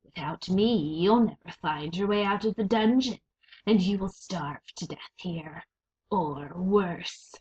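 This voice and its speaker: A woman reading aloud voices a cruel, contemptuous male rat villain from a storybook, speaking slowly and coldly. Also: medium pitch, darkish tone, lightly acted. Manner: slow, cold, contemptuous. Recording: dull lo-fi recording.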